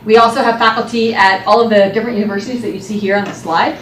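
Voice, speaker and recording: A woman's voice: mid-range voice, fairly even intonation, racing, fairly bright tone. Woman presenting research in a roomy hall. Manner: upbeat, with frequent um fillers and restarts. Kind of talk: academic seminar presentation. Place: seminar room. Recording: roomy hall, distant mic, faint noise.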